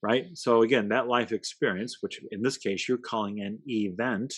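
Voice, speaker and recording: A man's voice: lowish voice, steady tone, normal speed, husky, dry recording. A man, a guest in a conversation, talking reflectively in a playful, emphatic way and dropping short aphorisms.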